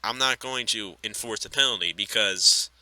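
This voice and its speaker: A man calling a sim racing event with excitable play-by-play, his voice climbing high in tense moments, then chatting through the replays. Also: normal speed, low-quality recording. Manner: excitable, pitch shooting up at close racing. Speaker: race commentator.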